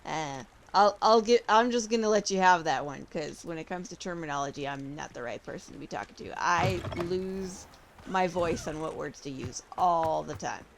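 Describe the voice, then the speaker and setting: A woman's voice: fairly low pitch, moderate pace, creaky, slight background noise. A woman from California, streaming a game and chatting casually with her viewers, thinking aloud and answering their comments. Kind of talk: casual live-stream chat while gaming. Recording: game music playing behind.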